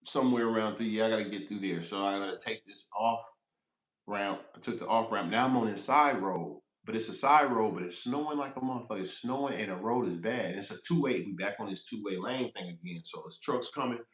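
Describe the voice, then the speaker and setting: A man's voice: fairly low pitch, brisk, a bit bright, roomy sound. A man who drives trucks, telling a rambling, profane road story on a casual livestream, laughing as he goes.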